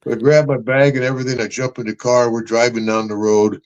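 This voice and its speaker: A man's voice: medium pitch, flat delivery, fast talker, darkish tone, muffled recording. An older man hosting a podcast, rambling through stories with laughs and calling people brother and man. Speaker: podcast host. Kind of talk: casual storytelling chat.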